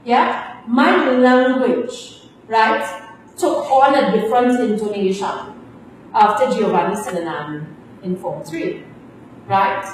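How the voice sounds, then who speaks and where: A woman's voice: on the high side, slow pace. Stern Trinidadian woman teacher, echoey room. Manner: stern, scolding, ends points with tag questions. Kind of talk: lecturing a class. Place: classroom. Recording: echoey room, distant, faint hiss.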